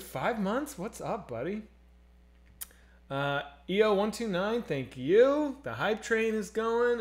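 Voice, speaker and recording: Man, 30s, live-stream host, lively swooping pitch, slightly high voice, jokey, swears, loud then quiet. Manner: animated, swearing, jokey, swings loud and soft. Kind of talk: casual live-stream chat.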